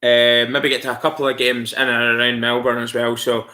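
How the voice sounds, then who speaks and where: Bright-voiced sweary Scottish man. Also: mid-range voice, little pitch movement, fairly quick. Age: adult with school-age kids. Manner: sweary, laughs often, chatty. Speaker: live streamer. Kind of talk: casual live-stream chat, answering viewers.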